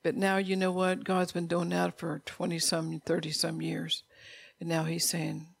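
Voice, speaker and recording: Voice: mid-range voice, monotone, unhurried, vocal fry, slightly rough, dry recording. A middle-aged preacher giving an informal sermon, blunt and repetitive, scolding listeners in a conversational way.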